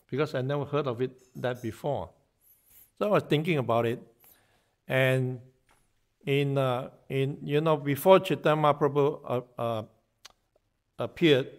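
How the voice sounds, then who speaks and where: Man telling devotional stories in a class. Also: mid-range voice. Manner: narrates with acted-out dialogue, frequent fillers and restarts. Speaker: guest speaker giving a morning class. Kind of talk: devotional storytelling lecture.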